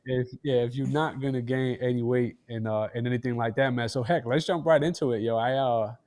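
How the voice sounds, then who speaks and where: A young man co-host chats on a live show in a laid-back way, full of slang. His voice sits at an ordinary pitch. He hypes his partner along, then eases into a topic. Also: steady tone, a little fast, darkish tone. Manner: laid-back slang, hyping with wow and facts. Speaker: podcast co-host. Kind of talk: casual live show chat.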